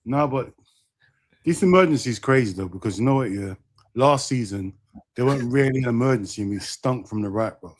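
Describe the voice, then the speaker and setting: A man's voice: mid-range voice, animated, a little fast. A man co-hosting a football fan show in casual chat, teasing and emphatic, with slang. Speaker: co-host of a fan talk show.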